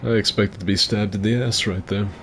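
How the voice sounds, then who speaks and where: A man with a rough, gravelly voice giving crude, joking commentary on a game fight club and answering chat as the host. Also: fairly low pitch, fairly even intonation, a little fast, fairly bright tone, faint music behind. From mixed heritage, partly Asian. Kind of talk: casual gaming commentary.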